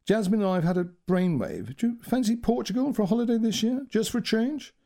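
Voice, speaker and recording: A man's voice: sits high, expressive, fast, mellow, voice pushed up. A man voicing a cheerful middle-aged father, chatty and jolly.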